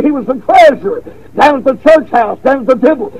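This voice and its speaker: A man preaching a revival sermon, telling a folksy story with repeated words, then stressing points with slow emphasis. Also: very high-pitched, a little mellow, poor audio.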